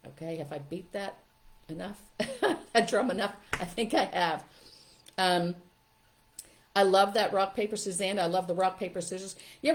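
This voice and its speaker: An older woman, a parenting educator, talking in a casual, chatty way during a live question-and-answer session. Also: medium pitch. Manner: chatty, animated, laughs often. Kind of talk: live webinar Q&A.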